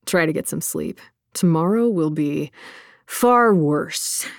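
A woman reading an audiobook voices a blunt, dismissive male mountain guide in a slightly lowered voice. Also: animated, slow pace, vocal fry, no room sound, studio quality, full character voice. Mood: grave.

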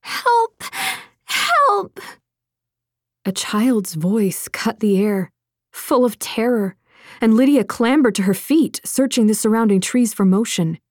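A woman narrating an audiobook in a measured, expressive manner. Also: medium pitch, dry recording, studio quality.

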